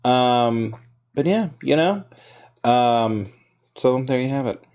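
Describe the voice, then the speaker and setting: Casting: male co-host, mid-pitched voice, lively and easygoing banter. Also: slow pace. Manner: animated storytelling, laughs often. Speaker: podcast co-host. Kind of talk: casual livestream chat.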